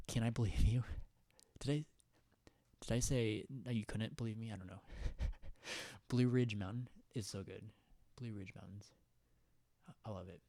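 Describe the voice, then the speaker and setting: A man's voice: lowish voice, mellow, no room sound. A young man hosting a casual livestream, rambling and giggling as he chats with viewers and reads their comments. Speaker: livestream host.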